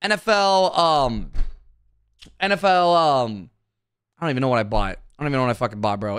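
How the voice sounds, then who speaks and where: A man's voice: medium pitch, fairly quick, pauses often, fairly bright tone, smooth, dry recording. A male streamer in a casual live-stream rant, talking in a heated, profane, repetitive way.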